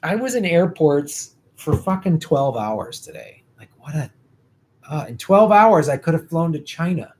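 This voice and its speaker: A man's voice: a little high, very animated, unhurried, a little mellow, slight background noise. A male host chatting casually on a political livestream, rambling and swearing, tired and losing his voice.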